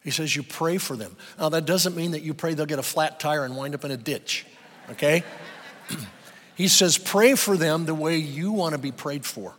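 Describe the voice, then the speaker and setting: A man's voice: fairly high pitch, normal speed, fairly bright tone. A pastor preaching a sermon, earnest and emphatic, asking his listeners rhetorical questions. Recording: long reverb of a large hall.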